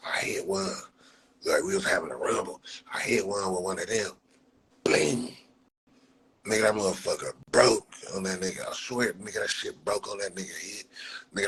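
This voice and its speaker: A man's voice: low-pitched, fairly bright tone, a little hiss or hum, low-quality recording. A young man talking loosely on a phone livestream, full of street slang and profanity and breaking into laughter often. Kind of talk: casual livestream chat.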